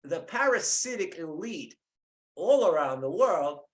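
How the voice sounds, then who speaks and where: A man in an angry, profanity-laced political rant, heated and rambling, with a higher voice than most men. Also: very animated, unhurried. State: in pain from a cracked collarbone. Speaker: political commentator.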